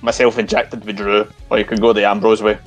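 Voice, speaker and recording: A man's voice: lowish voice, level tone, fairly quick, highs cut off, soft background music. A man hosting a podcast in a casual, rambling way, often restarting his sentences. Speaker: podcast host.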